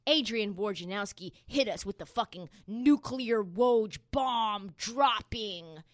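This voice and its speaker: A woman's voice: mid-range voice, animated, slow pace, no echo. A woman hosting a casual sports podcast, brash and playful, boasting and laughing often. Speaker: podcast host.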